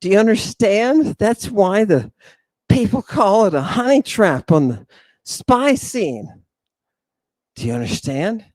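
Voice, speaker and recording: A high-voiced man, the host, speaks slowly with no room sound as he lectures on scripture in an animated, preacherly manner. He sighs often, throws in sarcastic comments, and constantly turns to his listeners, calling them "people" and asking "right?"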